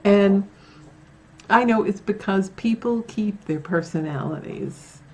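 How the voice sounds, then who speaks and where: A woman's voice: medium pitch, takes it slowly, warm tone. A woman telling her own paranormal stories at home in a casual, chatty way, with many fillers and acted-out quotes. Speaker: paranormal vlogger. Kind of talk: casual storytelling to camera. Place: at home, near a bedroom.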